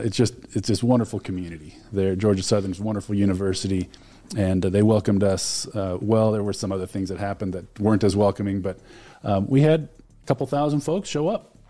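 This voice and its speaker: A man with a lowish, dark voice speaks briskly as a guest in a radio studio. He's the alumni relations director, telling stories with enthusiasm and plenty of fillers in a casual studio conversation.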